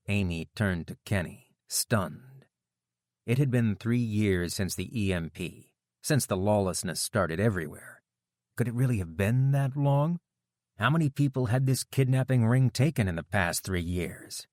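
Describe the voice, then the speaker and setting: Steady and measured, a male narrator with a low voice reads an audiobook script. The recording is dry and studio quality.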